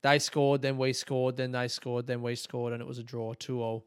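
An Australian man in his thirties, a comedian hosting his podcast, telling a sweary, self-mocking story in a casual, animated monologue. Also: mid-range voice, normal speed, a little hiss or hum.

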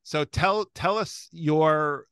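A man's voice: fairly high pitch, drawn-out words, clean tone, no room sound, studio quality. Rambling man hosting an interview. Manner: rambling, animated, self-interrupting. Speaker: podcast host. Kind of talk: casual interview chat.

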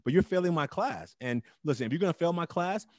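Emphatic, loud-bursting male guest. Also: fairly high pitch, lively intonation, fast, no room sound, studio quality. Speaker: interview guest, teacher and club founder. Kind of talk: casual interview storytelling.

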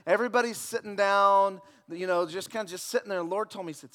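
A male pastor preaching a sermon, telling stories in a lively way with jokes, repeated words and sudden drops to a near hush. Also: sits high, fast talker, hardly any pauses.

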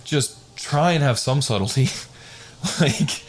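A man's voice: medium pitch, takes it slowly, slight background noise. A middle-aged man co-hosting a podcast, joking crudely and laughing often in casual chat. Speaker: podcast co-host.

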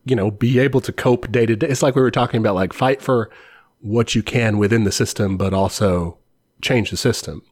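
Low-voiced man, earnest rambling talk. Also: fairly quick, a little mellow, no room sound. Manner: earnest, rambling, many restarts. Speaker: podcast co-host. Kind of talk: casual political chat.

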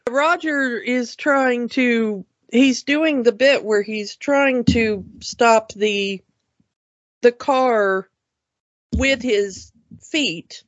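A woman's voice: a little high, no echo, dull audio. A woman co-hosting a casual talk show about cartoons, chatty and enthusiastic, often restarting her sentences. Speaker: podcast co-host. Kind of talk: casual cartoon review chat.

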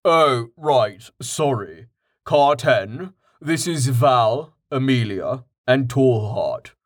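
A man's voice: medium pitch, expressive, extremely slow. A man voicing a sarcastic young adventurer in an audiobook, with a raised, quipping delivery. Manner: dry, sarcastic quips. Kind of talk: audiobook character voice.

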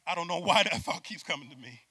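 A man preaching a sermon, moving between hushed asides and loud emphatic peaks and asking the congregation to repeat words after him. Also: a little high, expressive, brisk, slightly rough, no room sound.

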